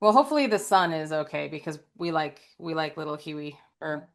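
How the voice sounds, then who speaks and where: A woman's voice: low voice, lively intonation, a little fast. A woman co-hosting a podcast, chatting eagerly about movies with lots of laughs. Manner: enthusiastic, chatty, many fillers and laughs. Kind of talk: casual movie chat.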